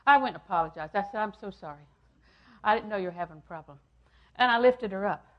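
An older woman preaching a sermon, repeating phrases for emphasis and swinging from loud, emphatic lines down to hushed ones. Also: mid-range voice, expressive, fast talker, highs cut off.

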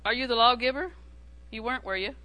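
A woman's voice: a little high, fast talker, bright, forceful tone, low-quality recording. A woman preaching a sermon in a humorous, conversational way, repeating phrases for emphasis.

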